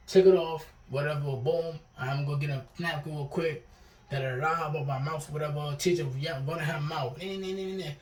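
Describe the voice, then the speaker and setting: A man's voice: a little high, a little mellow. A young man talking casually to camera, rambling and repeating himself, with slangy asides. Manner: rambling, repeats words, slangy with frequent "bro". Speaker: vlogger. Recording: echoey room, distant mic.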